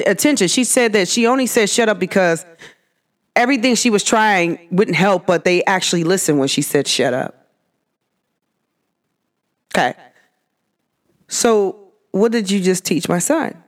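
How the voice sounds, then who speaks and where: Animated woman ranting on a podcast. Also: medium pitch. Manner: animated, emphatic, ranting with rhetorical questions. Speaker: podcast host. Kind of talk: casual monologue.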